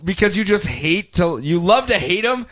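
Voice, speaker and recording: A man co-hosting a podcast, recapping comic books in a casual, animated way. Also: high voice, normal speed, no echo. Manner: animated, acts out character quotes in funny voices. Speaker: podcast co-host.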